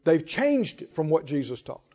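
A man's voice: on the high side, very animated, normal speed, a little mellow. A man preaching a sermon in a folksy way, calling out to the congregation. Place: church hall. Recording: muffled hall reverb.

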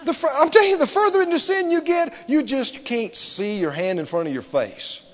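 A man preaching a sermon emphatically, repeating phrases and swinging from loud to hushed. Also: extremely high pitch, animated, a little fast. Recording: dull sound, long hall reverb.

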